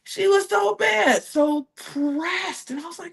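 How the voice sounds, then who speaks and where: A woman co-hosting a podcast, recapping reality TV in a sassy, animated chat and laughing often. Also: very high-pitched, slow, creaky. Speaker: podcast co-host.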